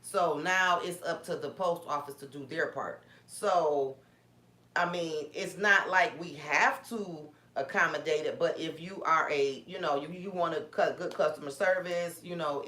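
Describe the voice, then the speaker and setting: A woman's voice: deep voice, pushed and bright. A woman vlogger telling a story in a casual, indignant way, with many restarts. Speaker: small business owner vlogger. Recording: roomy echo.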